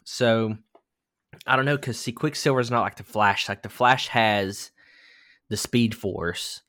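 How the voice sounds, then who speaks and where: A man's voice: lowish voice, measured pace, a bit bright, no echo. A young man co-hosting a podcast, talking in a loose, rambling way and swearing casually. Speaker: podcast co-host. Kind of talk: casual chat.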